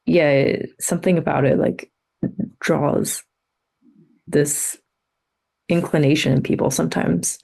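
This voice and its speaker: A woman's voice: low-pitched, steady tone, slow, creaky, pauses often, dark tone. A young woman researcher being interviewed, talking thoughtfully and tentatively, with frequent "like". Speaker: researcher guest. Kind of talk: conversational interview.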